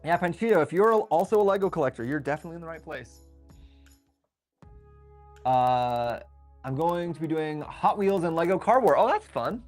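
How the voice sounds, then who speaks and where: A young man hosting a casual livestream. He thinks aloud while building and reads viewer messages aloud in a relaxed, chatty way. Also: on the high side, moderate pace, pauses often, soft background music. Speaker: livestream host building a LEGO set.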